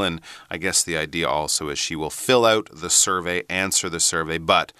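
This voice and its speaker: Male lesson co-host, animated and explanatory, bright dry voice. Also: lowish voice, normal speed, smooth, no echo. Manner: explanatory, animated, jokey asides. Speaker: English teacher co-host. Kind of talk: bilingual language lesson chat.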